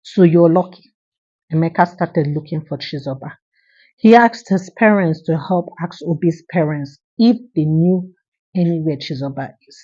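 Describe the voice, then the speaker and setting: A woman narrates a folktale earnestly, closing with a moral. Her voice is low, dark and husky. The recording is dull and lo-fi. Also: moderate pace. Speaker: storyteller.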